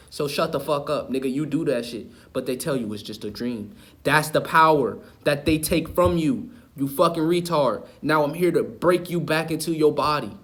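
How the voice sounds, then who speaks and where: This is a man with a slightly high, somewhat bright voice, addressing the camera as an online video host. His spiritual rant is passionate and sermon-like, full of profanity and repetition for emphasis.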